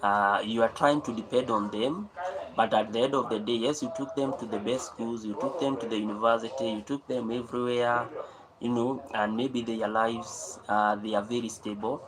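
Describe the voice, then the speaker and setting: A man's voice: mid-range voice, fairly even intonation, moderate pace, a crowd in the background, low-quality recording. A man hosting a live stream, talking off the cuff in a rambling way, full of fillers and repeated phrases. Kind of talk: unscripted talk on saving.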